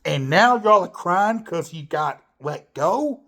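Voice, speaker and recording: A man ranting to camera about wrestling, swearing freely and sounding exasperated. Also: takes it slowly. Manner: lively, swooping pitch. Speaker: wrestling commentator. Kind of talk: opinion rant to camera.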